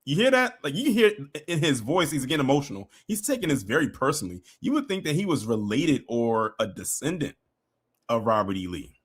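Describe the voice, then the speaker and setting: Male stream host, playful sarcastic reactions, animated swingy delivery. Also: medium pitch, fairly quick, husky. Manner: teasing, sarcastic, laughing asides. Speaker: livestream host. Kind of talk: casual reaction commentary.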